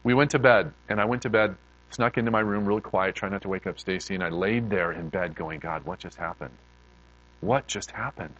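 A middle-aged man preaching, telling an emotional testimony story with heartfelt repeated words that build in excitement. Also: on the low side, fairly quick, muffled recording, a little hiss or hum.

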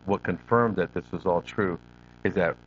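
A man's voice: low-pitched, moderate pace. A middle-aged man from Northern California telling his childhood story to an audience, turning to them with questions and acting out his younger self. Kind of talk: personal testimony to an audience. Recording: dull lo-fi recording with faint hum.

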